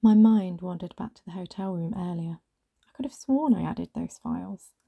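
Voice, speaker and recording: A woman reads a first-person story in a hushed manner that often slips into a half-whisper. Her voice is husky with a gravelly fry, pitched somewhat low and very dark and mellow in tone. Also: moderate pace, no room sound. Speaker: narrator.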